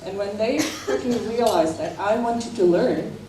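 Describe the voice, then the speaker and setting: A woman's voice: mid-range voice, warm tone, slight background noise. Earnest woman answering on a panel. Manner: earnest, halting, with restarts. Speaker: panelist, club member. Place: large conference hall. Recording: echoey hall from far off.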